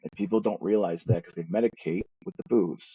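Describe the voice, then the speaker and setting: A man's voice: deep voice, fairly even intonation, quick pace, dark tone, husky, dry recording, dull audio. A man telling his story as a guest in a recovery talk, earnest and rambling, often restarting his sentences. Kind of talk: candid personal storytelling.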